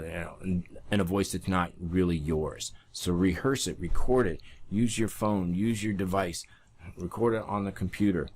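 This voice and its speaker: Low-voiced man coaching public speaking. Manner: coaching, emphatic, demonstrates voice changes. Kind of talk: instructional talk.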